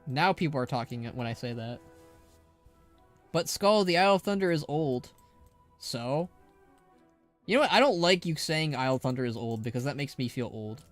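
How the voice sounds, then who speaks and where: A man streaming a game, chatting casually, playful and teasing, laughing often. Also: a little high. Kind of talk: casual chat while gaming.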